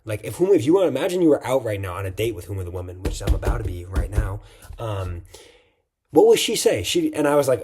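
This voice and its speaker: A man's voice: fairly low pitch, very animated, fast talker, darkish tone, husky. A tired man giving a casual, reflective vlog monologue late at night, rambling with frequent "like"s and restarts. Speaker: vlogger.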